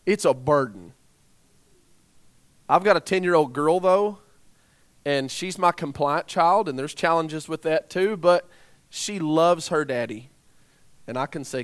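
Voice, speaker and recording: A man's voice: on the high side, expressive, unhurried, pauses often, a bit bright. A man in his thirties or forties preaching a sermon in a conversational way, often putting rhetorical questions to the congregation.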